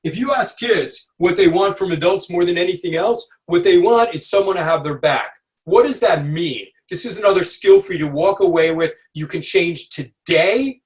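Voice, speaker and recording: A man giving an animated lecture over a video call, often checking in with "right?" and acting out quotes. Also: high-pitched, moderate pace, few pauses. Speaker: speaker at a community webinar.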